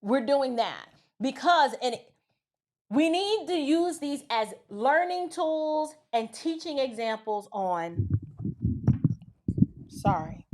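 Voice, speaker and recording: Woman commentator, high-pitched, very animated, preachy. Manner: preachy, animated, slips into voices of friends. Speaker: commentary host. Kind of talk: opinion commentary.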